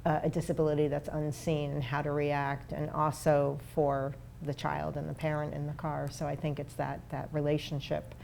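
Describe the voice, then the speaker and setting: A woman with a very low, gravelly voice that stays flat in pitch. She co-hosts a local talk show, rambling as she thinks aloud and often affirming the guest. Faint room sound is heard behind her. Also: moderate pace, hardly any pauses, a little hiss or hum. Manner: frequent affirmations, rambling phrasing. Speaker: co-host. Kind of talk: casual talk show conversation.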